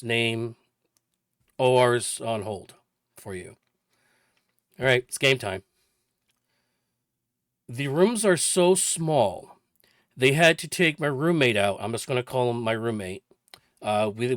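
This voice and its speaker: A man's voice: medium pitch, a bit bright, no room sound, clean studio sound. A man in his forties casually recounting a personal story for a vlog, chatty and rambling with lots of detail. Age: 40s. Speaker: vlogger.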